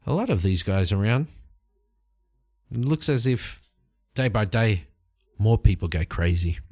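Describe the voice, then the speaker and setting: A man's voice: fairly low pitch, animated, unhurried, a little mellow. Man as a weary, matter-of-fact traveler. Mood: resigned. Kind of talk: solo tabletop game role-play.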